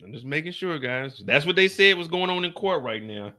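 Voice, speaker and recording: A man hosting a live stream who reads out court updates in casual, animated commentary, with swearing and sudden whispers. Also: a little high, brisk.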